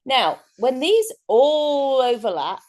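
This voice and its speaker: A woman's voice: sits high, big pitch swings, slow pace, a little mellow. A woman giving a chatty, rambling workshop talk as a guest speaker over a video call, often breaking into laughter. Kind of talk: online workshop presentation.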